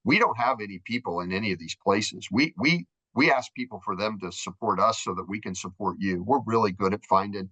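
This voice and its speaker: Man, fervent charity guest, slightly low, bright forceful tone, very dry sound. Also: brisk, few pauses, husky, no room sound, rough recording. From Minnesota, USA. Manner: fervent, repeats words, acts out voices. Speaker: charity marketing executive, guest. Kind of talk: faith-driven interview talk.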